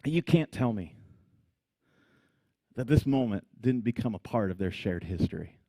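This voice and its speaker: A man preaching a sermon, telling the story with animated energy, frequent laughs and acted-out scenes. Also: lowish voice, moderate pace, no room sound. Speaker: pastor.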